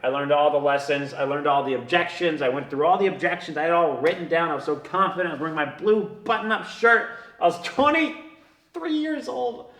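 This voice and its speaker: Man, fairly high bright voice, casual storytelling, swears and laughs, echoey room. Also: fast, few pauses. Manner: swears often, laughs between lines, swings from loud to hushed. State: sick with a flu. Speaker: online business coach telling his story.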